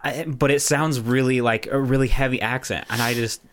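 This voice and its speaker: A man's voice: mid-range voice, fairly even intonation, moderate pace. A young man co-hosting a podcast, chatting casually and rambling with lots of restarts and fillers. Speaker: podcast co-host. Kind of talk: casual chat.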